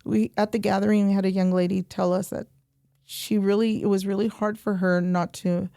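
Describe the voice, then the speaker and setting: A woman guest on a podcast interview, telling animated stories and repeating points for emphasis. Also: medium pitch, normal speed, gravelly, clean tone, no room sound, clean studio sound. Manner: animated storytelling, quoting herself and others. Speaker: guest, nonprofit program director.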